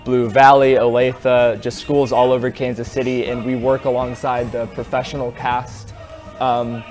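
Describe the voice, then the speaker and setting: A teenage boy talks through an interview in a casual, halting way. He fills pauses with ums and restarts his sentences, and soft music plays in the background. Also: medium pitch, little pitch movement. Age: teens. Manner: hesitant, many ums and restarts. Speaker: interviewee, student performer.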